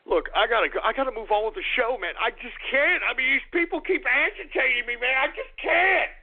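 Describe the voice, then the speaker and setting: A man hosting a radio talk show, ranting in an agitated, swearing, stammering way. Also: very high voice. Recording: tinny phone-like radio audio.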